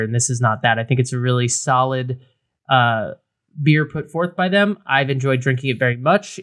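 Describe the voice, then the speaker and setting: This man co-hosts a beer podcast, rambling through a casual beer review. His mid-range voice has a fairly bright tone, and his talk is packed with fillers and restarts.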